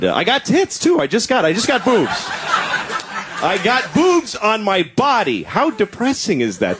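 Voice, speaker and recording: A man in his thirties doing stand-up comedy, animated, profane and self-deprecating. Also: fairly high pitch. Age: 30s. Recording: echoey room with loud background noise.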